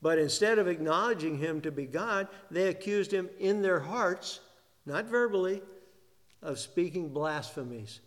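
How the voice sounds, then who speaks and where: A man's voice: high-pitched, lively intonation, unhurried. A man preaching a sermon who asks the congregation questions, answers them himself and leans hard on single words. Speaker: pastor. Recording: long reverb of a large hall.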